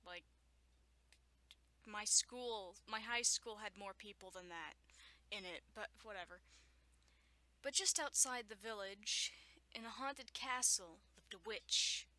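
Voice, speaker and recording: A woman's voice: medium pitch, takes it slowly, pauses often, pushed and bright. A young woman at home reading a children's story aloud, often stopping to joke, laugh and make sarcastic asides. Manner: frequent laughter and stumbles. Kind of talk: reading aloud with running commentary.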